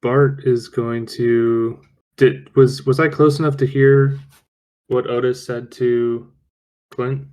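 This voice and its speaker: A man playing a tabletop game online, hesitant and measured. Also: mid-range voice, flat delivery, darkish tone. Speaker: player.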